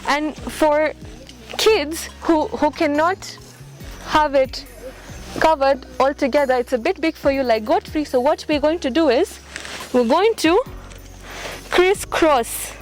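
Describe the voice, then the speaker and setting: A high-pitched woman speaks through a face mask while she shows a group of children how to stay clean. She is patient and repetitive, with short encouraging praise and constant checks that they follow. Music plays clearly behind her. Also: slow pace, rough recording. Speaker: charity volunteer teaching children. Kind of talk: instructing children. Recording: music playing under the speech. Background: loud background music.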